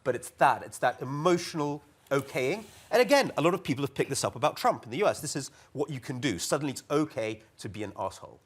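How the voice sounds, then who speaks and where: A man on a conference panel, talking in a wry and lively way. He often slips into mock voices to quote other people. His pitch sits in an ordinary middle range. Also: quick pace, hardly any pauses, breathy edge. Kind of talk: panel discussion remarks. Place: conference hall.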